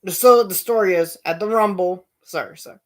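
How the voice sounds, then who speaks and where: A man's voice: high-pitched, normal speed. A man hosting his own show, telling a long story in a rambling way with many fillers and restarts. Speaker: show host. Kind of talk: casual storytelling.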